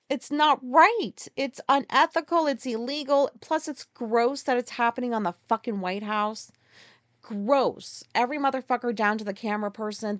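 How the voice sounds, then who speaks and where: A woman's voice: medium pitch, no echo. Woman ranting profanely on a podcast. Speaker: podcast host. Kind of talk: casual solo podcast rant.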